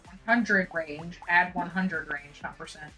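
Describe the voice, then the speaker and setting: A woman chatting casually during a co-op game, calmly reading out upgrade stats. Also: on the low side, a little slow, faint music behind. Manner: relaxed, reads out upgrades aloud. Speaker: co-op game player. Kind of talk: casual gameplay chat.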